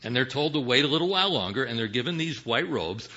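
A man preaching a sermon, teaching Bible passages with rhetorical questions, swinging from hushed asides to emphatic calls. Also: medium pitch, lively intonation, quick pace, husky. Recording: dull lo-fi sound.

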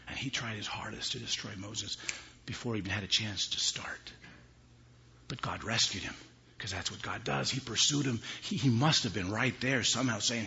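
A man preaching a sermon, swinging from hushed whispers to loud, high emphasis. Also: normal speed, vocal fry. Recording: dull lo-fi recording with faint ambience.

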